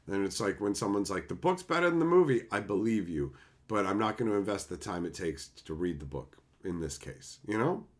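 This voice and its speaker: A man chatting casually on a livestream and answering chat, animated and swearing freely in loose run-on asides. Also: low voice. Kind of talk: casual live-stream chat.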